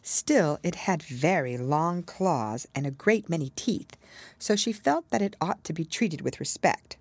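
A woman reading a storybook aloud in an expressive, measured way. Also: low voice, slightly rough, dry recording. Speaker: storybook reader. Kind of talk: storybook narration.

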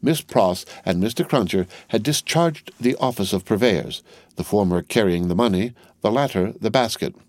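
A man reading a classic novel aloud as audiobook narrator, measured and expressive. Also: on the low side, no echo.

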